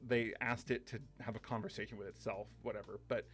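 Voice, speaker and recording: A man teaching a short course, talking loosely through slides with many fillers and quick asides. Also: lowish voice, flat delivery, a bit bright. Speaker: course instructor. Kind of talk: casual lecture over slides.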